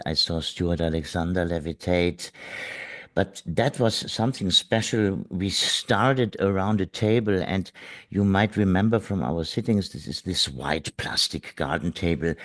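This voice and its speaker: A man with a lowish voice tells a story as an interview guest. He speaks slowly, halting and restarting as he searches for words. His tone is earnest, with a gentle amusement underneath. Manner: hesitant, halting with many fillers and restarts. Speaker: guest physical medium.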